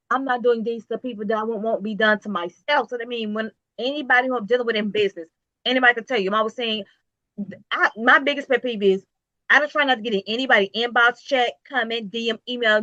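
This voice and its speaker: A woman's voice: fairly high pitch, bright, forceful tone, no echo, lo-fi sound. A woman business owner talking in an interview, emphatic and preachy, with repetitive motivational phrasing. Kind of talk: casual interview talk.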